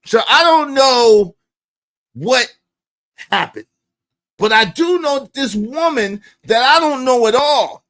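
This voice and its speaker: Man, high-pitched, animated storytelling, profane slang, loud outbursts. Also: slow. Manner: swings between low mutters and loud outbursts. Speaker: podcast storyteller.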